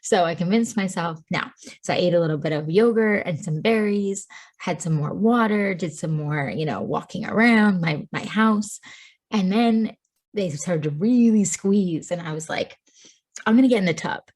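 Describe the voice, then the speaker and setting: A woman's voice: lowish voice, normal speed, a little mellow. A woman in her thirties from Tennessee, a podcast guest telling a personal story in a chatty way, laughing often and saying "like" a lot. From Tennessee, USA. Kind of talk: casual storytelling.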